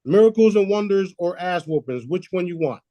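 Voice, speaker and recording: Boastful, preachy male host, cursing casually; fairly high voice, dry close sound. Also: animated, fairly quick, dark tone, dry recording, highs cut off. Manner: boastful, preachy, swears freely; laughs at his own lines. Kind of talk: casual conspiracy talk.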